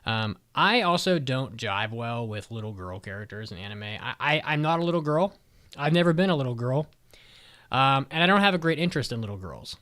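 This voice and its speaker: A man's voice: medium pitch, sing-song, brisk, pushed and bright. A man co-hosting a podcast, chatting casually with blunt, profane opinions and lots of filler words. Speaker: podcast co-host. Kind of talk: casual chat.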